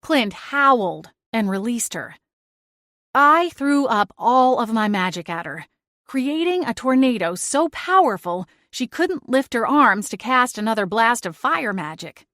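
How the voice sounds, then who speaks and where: A woman narrating a first-person audiobook in a lively, dramatic storytelling manner. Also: a little high, a little slow, dry recording, clean studio sound.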